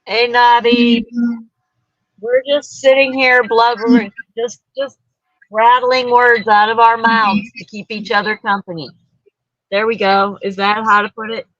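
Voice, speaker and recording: A soft-spoken man with an English accent, hosting a casual livestream chat and joking with a guest. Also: extremely high pitch, flat delivery, measured pace, no echo, dull audio. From England. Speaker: livestream host.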